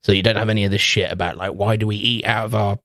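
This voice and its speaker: A man's voice: on the low side, fairly even intonation, rapid-fire, a bit bright, no echo, studio quality. A young man co-hosting a podcast, joking crudely and laughing often as he riffs on absurd ideas. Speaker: podcast co-host. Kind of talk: crude comedic banter.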